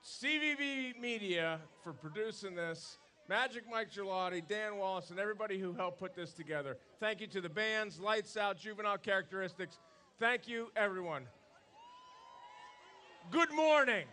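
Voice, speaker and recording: High-pitched guy mc-ing a big outdoor crowd, upbeat, calling out thank-yous. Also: normal speed, bright, forceful tone. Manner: upbeat, calls instructions to a crowd. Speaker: emcee at an outdoor ceremony. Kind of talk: crowd announcing over a PA.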